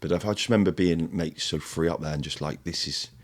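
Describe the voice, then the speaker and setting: A man, a former Royal Marine, telling sweary war and adventure stories in casual podcast chat. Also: extremely low pitch. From United Kingdom. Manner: fast, sweary, animated storytelling in military slang.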